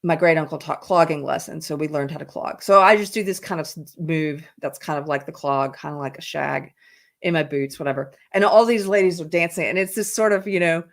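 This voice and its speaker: A chatty woman hosts a live stream, rambling through stories and answering comments from her chat. Her voice sits low for a woman, and she laughs easily as she talks. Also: fairly quick, creaky. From South Carolina, USA. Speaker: livestream host. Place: indoors while traveling. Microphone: headphones in, computer mic.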